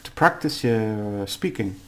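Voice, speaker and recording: A man giving a casual language lesson, explaining slowly and repeating words, with many fillers. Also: on the low side, lively intonation. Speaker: language teacher.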